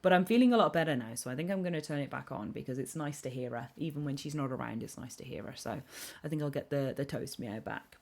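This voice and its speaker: A young woman streaming live, chatting casually and excitably on tangents while reading chat aloud. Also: rumbling low, creaky. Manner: excitable, rambling, quick tangents. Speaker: game streamer.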